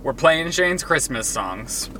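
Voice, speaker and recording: Bright-voiced chatty man. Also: fairly high pitch, very animated, takes it slowly, a little hiss or hum. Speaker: podcast host. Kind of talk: casual podcast chat.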